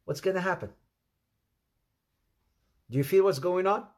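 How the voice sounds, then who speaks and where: Preacher, male, higher voice, sermon that swings from loud and quick to low and quiet. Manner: repeats questions to the audience, animated rises and drops.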